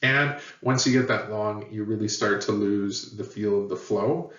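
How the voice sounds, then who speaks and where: A man teaching a lesson in a plain, patient way, pausing often with fillers. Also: lowish voice, fairly bright tone. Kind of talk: explanatory lecture. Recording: echoey, dull, far from mic.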